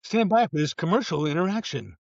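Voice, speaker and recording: Man, high voice, easygoing podcast co-host, joking, slightly muffled remote audio. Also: animated, fairly quick, vocal fry, dry recording. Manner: jokey, easygoing. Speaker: podcast co-host, real estate agent. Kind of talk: casual podcast chat.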